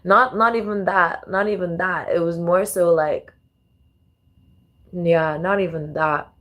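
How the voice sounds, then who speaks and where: A tarot and astrology vlogger plays songs and reacts to them, talking casually and profanely while thinking aloud with many restarts. Her voice is low-ish and fairly bright, slow-paced with fairly even intonation.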